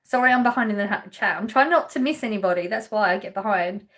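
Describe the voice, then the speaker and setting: This Essex livestream host talks fast in a medium-pitched, slightly bright voice. Keeping things casual, she reads out viewer comments, laughs a lot and often leaves sentences unfinished.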